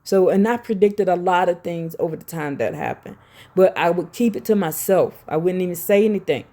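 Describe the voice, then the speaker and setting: A woman's voice: lowish voice, lively intonation, a little fast, dark tone. A woman talks straight to her audience in a loose, rambling religious monologue. She circles back on her words and turns pointed and confrontational. Her delivery is emphatic throughout. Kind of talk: direct-to-camera religious monologue.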